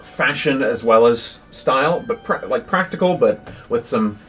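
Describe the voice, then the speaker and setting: A man narrating as game master with a relaxed, halting delivery full of fillers. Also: medium pitch. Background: faint music.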